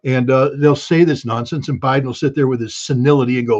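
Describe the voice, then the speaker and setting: A man's voice: medium pitch, fairly even intonation, quick pace, darkish tone. Brief: a man as a guest analyst, blunt and emphatic, mid-range voice, on muffled lo-fi audio. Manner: blunt, emphatic, bursts of alarm. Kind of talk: interview commentary.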